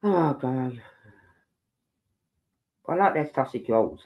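At a measured pace and a middle pitch, an older Birmingham livestream host chats at length to viewers, wandering off topic and circling back to them. The audio sounds dull.

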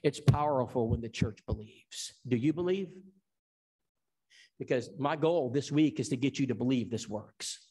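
A man's voice: mid-range voice, normal speed, warm tone, husky. A man from Tennessee who teaches an evangelism seminar. He preaches in an emphatic storytelling style and acts out the dialogue. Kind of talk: sermon.

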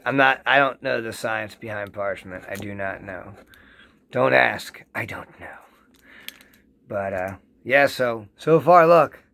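A man giving a casual, excitable how-to demo in his home basement, rambling and repeating himself as he works. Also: lowish voice, takes it slowly, gravelly, a little hiss or hum. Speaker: home rosin-press vlogger.

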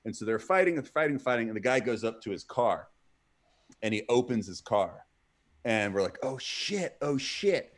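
A man's voice: lowish voice, moderate pace. A man in his forties on a livestream, telling a story in a loose, rambling way full of "like" and restarts. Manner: rambling, heavy use of "like", restarts mid-sentence. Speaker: stream co-host. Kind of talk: casual storytelling chat.

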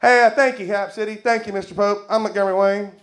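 A man's voice: high-pitched, steady tone, fast, background noise. A Texan man doing a stand-up set in a comedy club, drawling and laughing through his own jokes. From Texas. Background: audience laughter.

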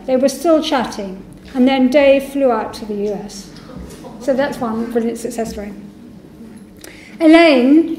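A woman's voice: high-pitched, a little mellow, a little hiss or hum. A woman giving a public university lecture, reading testimonies aloud and voicing the quoted speakers. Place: lecture hall. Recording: echoey lecture hall.

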